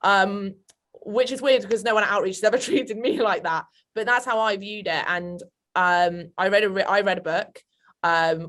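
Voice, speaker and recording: Chatty London woman with a low voice. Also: a bit bright. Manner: chatty, hesitant, many fillers. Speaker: sales manager panelist. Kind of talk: webinar panel chat. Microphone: video call.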